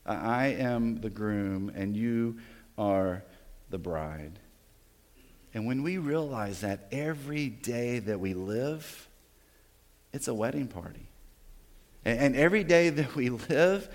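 A man preaches a sermon in a church sanctuary, his voice carrying a long reverb through the hall. He is animated, swelling loud through his stories and dropping low and soft on the lines he wants to land. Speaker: pastor.

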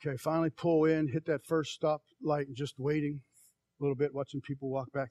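A middle-aged man preaching a sermon with a fairly high voice. He tells homey stories, drops to near-whispers, then rises to loud, stretched-out calls. The sound is dry and close, with no room echo. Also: flat delivery. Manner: swings from soft, slow quiet passages to loud emphatic calls; folksy, tells personal stories. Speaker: pastor.

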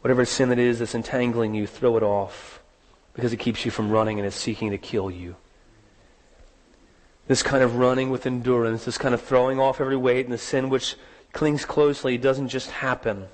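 A man preaching a sermon, telling a story with rising dramatic emphasis and slowing down on key words. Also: medium pitch, steady tone, in a large hall. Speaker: pastor.

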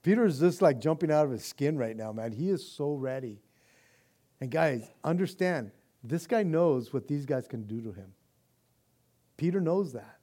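A man's voice: a little high, animated, moderate pace, dark tone. Casual, impassioned male preacher. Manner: casual, slangy preaching that keeps saying "man"; builds to impassioned, rising intensity. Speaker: pastor. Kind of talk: sermon.

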